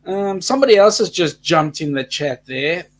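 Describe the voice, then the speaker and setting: A man with an Australian accent co-hosting a casual live stream, reading out viewer comments with many pauses and fillers. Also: high-pitched, lively intonation. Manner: halting, many fillers, reads out the chat. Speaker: co-host of weekly live stream.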